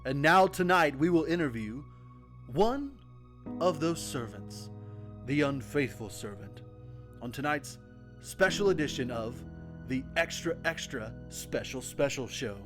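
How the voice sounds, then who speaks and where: A man delivers a dramatic, booming show introduction in a very slow, drawn-out way. He sounds distant from the mic, and loud music plays beneath him. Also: expressive. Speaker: show announcer.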